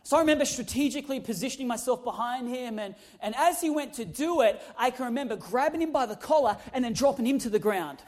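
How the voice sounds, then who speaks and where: High-voiced man preaching. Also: quick pace, few pauses. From Australia. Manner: animated, humorous, building to loud emphatic peaks. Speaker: pastor. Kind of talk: sermon with personal storytelling.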